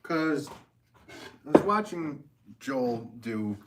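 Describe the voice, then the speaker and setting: A man's voice: medium pitch, very animated, extremely slow, heavy background noise. A man chatting casually while he works during a live stream from his pottery studio, rambling, full of fillers, and laughing often.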